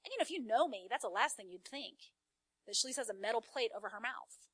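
A middle-aged woman sharing a testimony as a church speaker, in an animated, emphatic storytelling manner. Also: on the high side, fast talker, husky, no echo. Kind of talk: sermon-style testimony.

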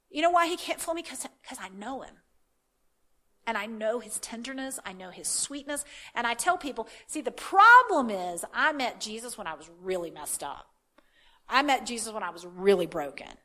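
An impassioned woman preacher delivering a sermon with a rather high voice. She repeats and builds her phrases and swings between a confiding tone and fervent urgency. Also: animated, moderate pace, bright, forceful tone.

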